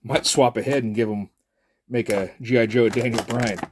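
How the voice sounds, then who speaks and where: A middle-aged toy reviewer chats casually and jokingly, rambling with lots of fillers. His medium-pitched voice is steady and moderately paced, with background noise present.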